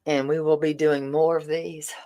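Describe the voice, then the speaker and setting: A woman's voice: low voice, level tone, normal speed, warm tone, poor audio. A woman, chatting casually and emotionally on a livestream as host, thanking her viewers again and again. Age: 40s. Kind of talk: casual livestream fundraiser chat.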